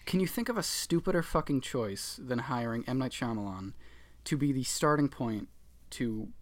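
A man co-hosting a podcast, talking in a loose, sarcastic way and swearing freely. His voice sits at a middle pitch for a man, and he often laughs as he talks. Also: animated, normal speed. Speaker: podcast co-host. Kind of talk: casual chat.

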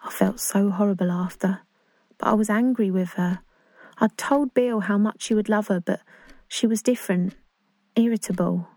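An awkward, earnest young English woman in love pours out her story in a chatty, self-conscious monologue, played by an actress. Her voice sits in a middle pitch. The recording is close and completely dry. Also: moderate pace, mellow, dry recording, natural voice. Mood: hurt. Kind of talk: dramatic monologue.

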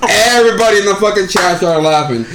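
A man's voice: high voice, fast, a crowd in the background. A man co-hosting a casual group podcast, telling crude stories full of slang and acting out what people said. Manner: animated storyteller, crude slang, acts out quotes. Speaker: podcast co-host. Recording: echoey room.

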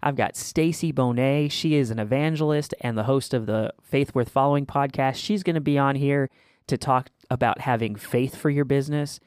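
A man in mid pitch hosts a casual faith podcast, earnest and encouraging as he tells stories. His voice sits close and dry on the mic, with no room sound at all. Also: normal speed, a little mellow, smooth, no echo. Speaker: podcast host.

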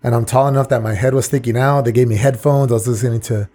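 A man's voice: medium pitch, steady tone, fast talker, mellow. A young man co-hosting a casual podcast chat, rambling and profane, laughing as he tells stories. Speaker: podcast co-host.

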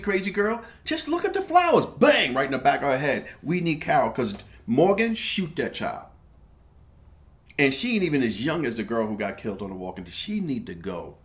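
A man recaps a TV episode with his podcast co-host in loose, casual chat. He is emphatic and animated, and his voice climbs and dips all the time as he keeps cutting in. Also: on the high side. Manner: animated, emphatic, talks over partner.

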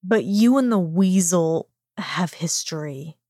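A woman reading fan fiction aloud, voicing a possessive young man lover with a steady, low-key delivery. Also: slow, no room sound, clean studio sound. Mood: jealous.

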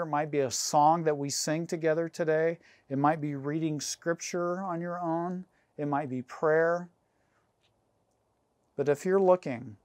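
A man preaching a sermon as pastor, earnest and measured, slowing down and pausing to stress key phrases. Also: on the high side, darkish tone, no echo.

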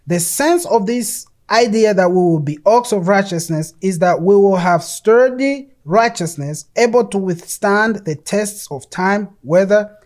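A preacher in the middle of a sermon, talking at an ordinary middle pitch. The delivery is emphatic, with frequent stumbles and repeated words as sentences restart. Passages from an article and scripture are read aloud along the way.

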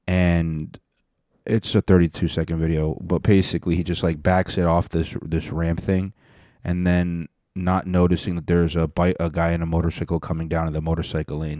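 A man's voice: low-pitched, mellow, dry recording, clean studio sound. A man hosting a reaction video, giving casual, blunt and profane commentary with sarcastic asides.

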